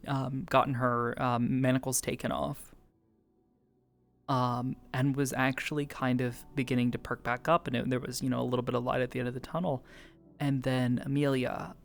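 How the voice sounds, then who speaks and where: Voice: medium pitch, little pitch movement, normal speed, vocal fry. Rambling, amused role-play storyteller. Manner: rambling, amused, lots of fillers and swearing. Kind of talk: casual chat recounting a role-play session.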